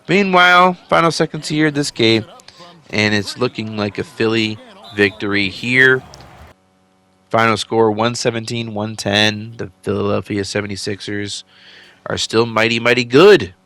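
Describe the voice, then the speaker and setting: A low-voiced man with a gravelly, fry-laced voice and a bright, forward tone. He calls simulated games in a loose, chatty way, tossing off asides, and sounds a bit tired from a late night. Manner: chatty, offhand, enthusiastic asides. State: tired, yawning. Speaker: channel host narrating a simulated game season. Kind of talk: casual play-by-play commentary.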